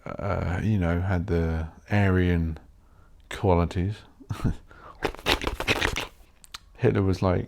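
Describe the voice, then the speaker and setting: A man hosting a solo podcast, rambling bluntly and swearing while he thinks out loud. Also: sits low, fairly even intonation, slow pace, vocal fry, pauses often. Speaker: podcast host.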